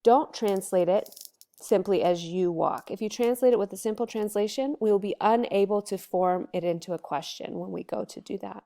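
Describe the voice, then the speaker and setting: A Latin teacher, a woman, giving a recorded study lesson and explaining grammar step by step, slowing down and stressing each example word. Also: mid-range voice, vocal fry, mellow. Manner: slow, deliberate explaining with stressed example words.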